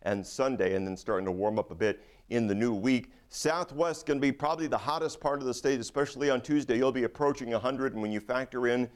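A man's voice: medium pitch, quick pace, few pauses. A man giving a conversational weather forecast, with a few fillers.

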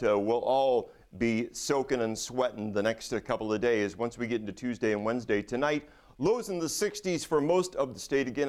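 A man's voice: mid-range voice, darkish tone. A man giving a conversational weather forecast, with a few fillers.

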